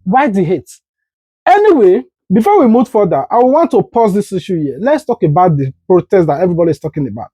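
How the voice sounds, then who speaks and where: A woman's voice: medium pitch, sing-song, brisk, warm tone, slightly rough, dry recording. A Nigerian woman hosting political commentary, speaking in an indignant, rhetorical way. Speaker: commentary host.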